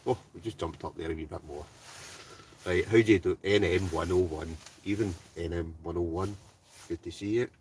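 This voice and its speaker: Scottish male host, deep voice, upbeat live chat from a camping tent, mic a bit distant with faint hiss. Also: moderate pace, darkish tone. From Scotland. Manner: chatty and upbeat, greets viewers by name. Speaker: wild camping livestreamer. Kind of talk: casual livestream chat, reading out viewer comments. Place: hot tent outdoors behind his house.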